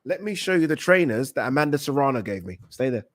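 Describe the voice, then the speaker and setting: An excitable British man chats on his live stream, swearing now and then as he answers viewers. His voice sits at an ordinary middle pitch. The sound is dry, with no room echo. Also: fast. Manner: excitable, chatty, swears casually. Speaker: boxing livestream host. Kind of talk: casual livestream chat.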